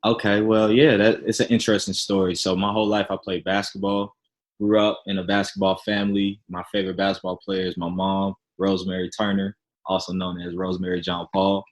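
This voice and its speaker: A man from Chicago, a podcast guest, telling his story in a relaxed, humble, easygoing way. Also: deep voice, a little fast, rough recording. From Chicago, Illinois. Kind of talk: casual interview chat.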